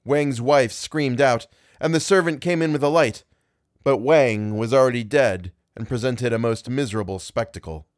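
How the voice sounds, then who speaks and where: A man's voice: medium pitch, normal speed, dry recording. Man narrating a classic tale, dry close sound. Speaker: podcast narrator.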